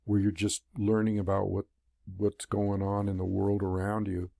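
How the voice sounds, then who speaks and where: A man's voice: lowish voice, completely flat delivery, normal speed, creaky, warm tone, no room sound, studio quality. A man talking to the camera as a spiritual teacher, in a loose, rambling monologue full of fillers and restarts. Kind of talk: casual monologue. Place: room.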